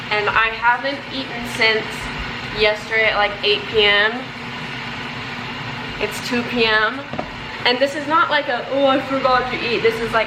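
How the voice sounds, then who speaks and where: A woman's voice: on the high side, noisy background. A young woman in her twenties chatting casually to camera at home, rambling and self-deprecating. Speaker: vlogger. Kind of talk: casual vlog chat to camera. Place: home kitchen and bedroom.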